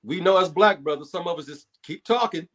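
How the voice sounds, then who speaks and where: A man's voice: high-pitched, brisk, a bit bright. A man on a movie review panel explaining his points thoughtfully and acting out brief quotes. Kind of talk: casual chat.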